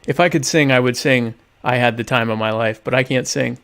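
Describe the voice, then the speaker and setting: With a mid-range, slightly bright voice, vocal fry and fairly even intonation, this man talks fast and barely pauses. He's a podcast host eating dinner on a casual webcam livestream from home, rambling with sarcastic, mock-grandiose flair.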